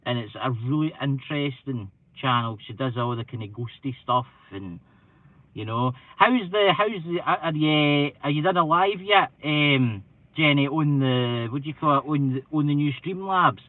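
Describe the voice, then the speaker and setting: A man's voice: a little high, animated, moderate pace, no echo. Scottish man, live-stream chatter, rambling, self-deprecating, slightly stuffy from hay fever, tinny phone-like audio. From Scotland. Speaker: paranormal channel live streamer. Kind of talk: casual live-stream chat. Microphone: computer mic. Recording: tinny phone-like sound, dry.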